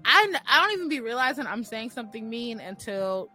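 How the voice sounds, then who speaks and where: A woman's voice: fairly high pitch, big pitch swings, fairly quick, sharp tone, soft background music. A woman co-hosting a casual chat podcast, telling stories bluntly and candidly with slang. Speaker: podcast co-host.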